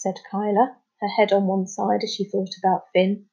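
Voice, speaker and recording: A woman reading a children's book aloud as a teacher, with clear, expressive storytelling. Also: mid-range voice, normal speed. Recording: slightly muffled recording.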